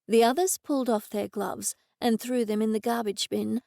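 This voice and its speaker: Gravelly-voiced woman narrating an audiobook. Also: a little high, moderate pace, hardly any pauses, no room sound, studio quality. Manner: lively, expressive reading in first person. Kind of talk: scripted narration.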